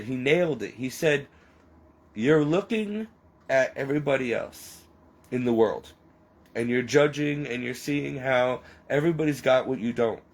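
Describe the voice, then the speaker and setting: A man rambling through an emotional personal confession, halting and near tears as he speaks. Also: mid-range voice, rough recording.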